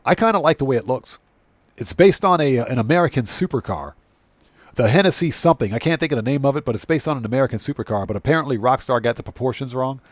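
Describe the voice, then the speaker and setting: A man's voice: medium pitch, lively intonation, quick pace, dry recording. A man hosting a casual gaming live stream, chatting with viewers and thanking them at length. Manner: laughs easily while signing off.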